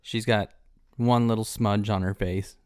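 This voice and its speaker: A man's voice: fairly low pitch, steady tone, a little slow, darkish tone, clear, resonant tone, dry recording. A man co-hosting a podcast, chatting casually about a film with wry, dry jokes. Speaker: podcast co-host.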